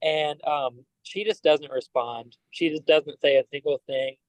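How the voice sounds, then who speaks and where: A man, a band member guest on a podcast, telling animated stories full of fillers. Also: on the high side, measured pace, dry recording, poor audio. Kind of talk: casual storytelling.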